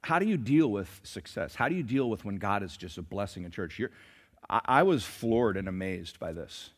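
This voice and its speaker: A pastor preaching a sermon in a church, who has been a little sick this week. He moves from forceful scripture reading to conversational stories and calls on the congregation to answer. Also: fairly low pitch, expressive, normal speed, slightly rough, long reverb tail. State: a little sick, clearing throat. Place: church sanctuary.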